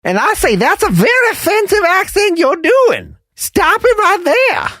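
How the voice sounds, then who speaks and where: A man voicing a sassy, loud female diner waitress who talks in a shrill, indignant, drawn-out way. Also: wildly swooping pitch, no echo, clean studio sound, exaggerated voice.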